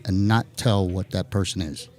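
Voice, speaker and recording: A man's voice: deep voice, moderate pace. A man with a New Jersey accent giving chatty, joking live commentary on a pool match. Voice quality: animated, jokey, chatty.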